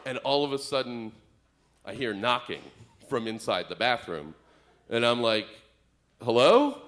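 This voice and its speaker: Bright-voiced stand-up comedian, rambling. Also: male voice, mid-range voice, moderate pace. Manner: rambling observational storytelling. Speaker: comedian and co-host. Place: stage before a live audience.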